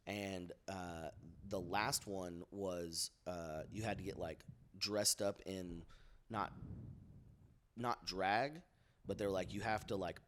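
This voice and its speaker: Low-voiced rambling male comedian. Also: slight background noise. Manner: rambling storyteller, lots of "like" and "uh". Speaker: guest comedian. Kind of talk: casual podcast chat.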